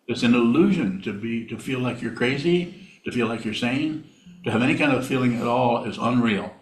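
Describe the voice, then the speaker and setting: A male Buddhist meditation teacher giving a dharma talk with questions, speaking in a halting, plainspoken way and repeating words. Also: medium pitch. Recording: roomy hall sound.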